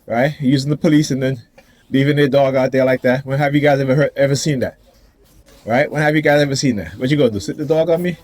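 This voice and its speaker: A man's voice: mid-range voice, quick pace, a little mellow. A man ranting defiantly to the camera outdoors in a casual, confrontational vlog, laughing now and then. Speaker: vlogger.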